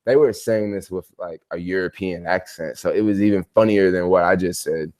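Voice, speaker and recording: A man's voice: low voice, moderate pace, a little mellow. A man chatting casually on a livestream from his hotel bedroom, telling stories in a rambling, slangy way. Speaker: travel vlogger.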